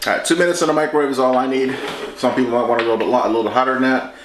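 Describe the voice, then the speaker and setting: A man hosting a home cooking show, talking through a recipe in a relaxed, chatty way as he works in his kitchen. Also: medium pitch, rapid-fire, background noise. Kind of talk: casual cooking demonstration. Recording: echoey kitchen with clattering dishes.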